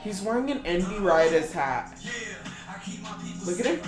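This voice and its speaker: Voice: mid-range voice, sing-song, a little slow. Profane laughing podcast co-host, echoey room. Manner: crude, profane, laughs often, calls people bitch. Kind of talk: casual comedic banter reacting to videos. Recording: echoey room with loud music behind.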